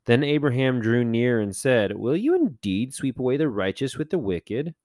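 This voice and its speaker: A man's voice: mid-range voice, sing-song, moderate pace, darkish tone, no room sound. A man hosting a podcast, casually talking through Bible stories and acting out the characters in playful voices, with plenty of fillers and self-corrections. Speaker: podcast host.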